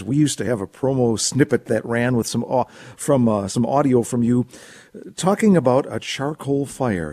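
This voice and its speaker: A radio host with a dark, mellow tone, speaking appreciatively of his guest in a mid-pitched voice. It sounds dry and close to the mic. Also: no room sound. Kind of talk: radio interview.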